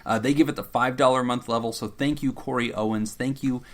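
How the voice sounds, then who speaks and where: A man's voice: medium pitch, steady tone, quick pace, fairly bright tone. A man co-hosting a casual podcast, reading out supporter thank-yous with frequent laughter. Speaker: podcast co-host.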